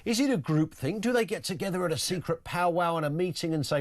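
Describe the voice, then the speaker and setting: A man's voice: sits high, quick pace, few pauses. Give me a blunt, chatty man hosting talk radio. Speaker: radio talk show host.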